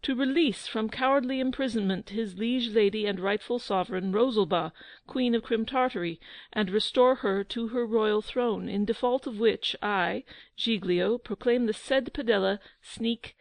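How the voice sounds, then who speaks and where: A woman's voice: on the high side, normal speed, no room sound, lightly acted, low-quality recording. A woman reading as a declaiming herald. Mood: proclaiming. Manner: formal, declaiming. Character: herald reading a royal proclamation.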